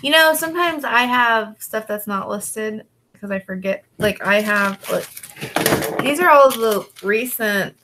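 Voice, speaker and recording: This clip features a woman reseller vlogging as she works, casually answering viewers in a slow, laid-back drawl peppered with fillers. Her voice has a creaky, gravelly texture, and she calls her dogs in a sweet, high coaxing tone. Background noise is audible.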